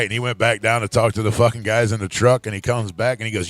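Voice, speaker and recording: Profane, animated man telling a story. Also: medium pitch, quick pace, hardly any pauses, no echo, soft background music. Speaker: podcast co-host. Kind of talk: casual chat, storytelling.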